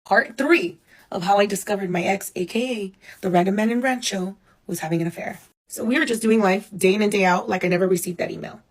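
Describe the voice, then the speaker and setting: A woman in her thirties telling a personal story for a casual storytime vlog, animated and profane, acting out the people she quotes. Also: mid-range voice, quick pace. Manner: animated, profane, dramatic retelling with acted-out quotes. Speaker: storyteller recounting her own life.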